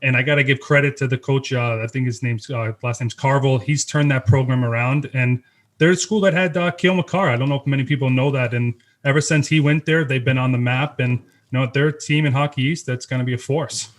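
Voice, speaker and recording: A man who played college hockey, co-hosting a casual sports podcast and telling stories with measured enthusiasm. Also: mid-range voice, steady tone.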